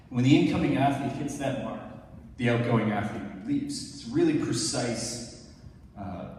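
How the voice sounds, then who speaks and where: A lower-voiced Canadian man in his thirties speaks to an audience like a storyteller and keeps cueing someone to run the next clip. His voice sits well back from the mic and rings through a large, echoey hall with a long tail, over a faint ambient hum. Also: a little mellow, recorded from a distance. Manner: conversational storyteller, often cueing a helper to play or pause clips. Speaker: former Olympic sprinter giving a talk. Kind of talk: live talk narrating video clips.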